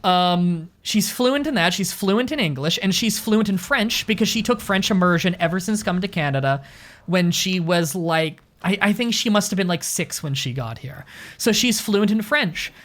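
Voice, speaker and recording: A woman's voice: medium pitch, lively intonation, normal speed, fairly bright tone. Chatty woman streamer, rambling stories. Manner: rambling storyteller, swears freely. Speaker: streamer playing a hunting game with friends. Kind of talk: casual chat while gaming.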